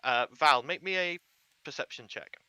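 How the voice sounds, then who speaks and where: A man's voice: on the high side, normal speed, sharp tone, clear, resonant tone, dull audio. A man narrating as game master of a tabletop game, descriptive and chatty. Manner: descriptive, uses fillers.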